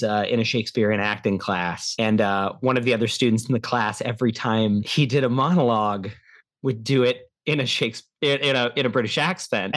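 A man's voice: medium pitch, fairly bright tone. A young man co-hosting a casual podcast about films, rambling with many restarts and fillers. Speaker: podcast co-host. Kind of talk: casual film chat.

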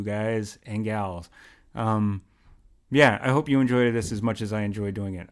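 Rambling New man hosting a podcast. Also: mid-range voice. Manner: rambling, self-deprecating, thinks aloud. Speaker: podcast host. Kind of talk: casual solo podcast monologue. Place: home studio.

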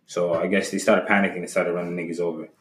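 A man's voice: sits low, level tone, fast. Easygoing man hosting in an echoey room. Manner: loose, laughing, frequent mm-hmms. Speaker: podcast host. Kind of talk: casual chat. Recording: roomy echo.

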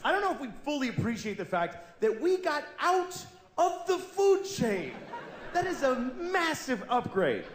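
A man in his forties doing stand-up in a large, echoey theater, with a fairly high voice that jumps around a lot. He talks deadpan and fed up, then bursts into loud, shouted voices. Audience noise is clearly heard underneath. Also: a little slow, some chatter behind. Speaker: stand-up comedian. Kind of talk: stand-up comedy routine.

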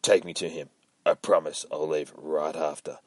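A man voicing a grim, gritty male vigilante in low, clipped threats. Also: level tone, moderate pace, darkish tone, no echo. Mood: stern.

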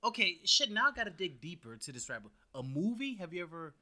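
Lively, bright-voiced young man chatting. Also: sits high, quick pace. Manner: animated, teasing, laughs often, swears casually. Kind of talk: casual chat.

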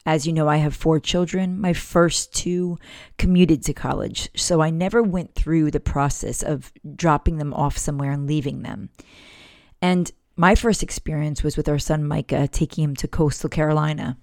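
A woman's voice: sits low, fairly even intonation, moderate pace, creaky, a little mellow, dry recording, clean studio sound. A woman in her forties hosting a parenting podcast, telling a personal story candidly in a casual, heartfelt monologue. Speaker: podcast host.

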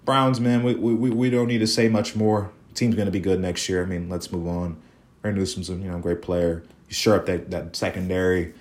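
A young male podcast host rants about sports on his own, blunt, profane and fired up. His voice sits a little low and he repeats himself when worked up. He talks casually and plainly. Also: level tone, fairly quick, a little mellow. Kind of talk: solo sports podcast rant.

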